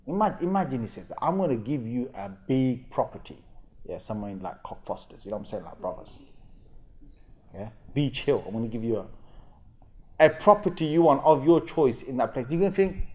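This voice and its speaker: A man's voice: mid-range voice, normal speed. A man with a London accent giving an Islamic lecture in a casual, slangy way, acting out the people in his stories. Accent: London English. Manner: animated storytelling, acting out dialogue, slangy and conversational. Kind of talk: sermon.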